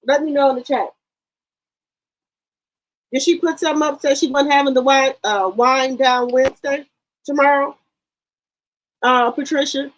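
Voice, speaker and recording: A woman's voice: high voice, steady tone, normal speed, pauses often, low-quality recording. A woman hosting a casual livestream, chatting brashly with her viewers and swearing freely. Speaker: livestream commentary host.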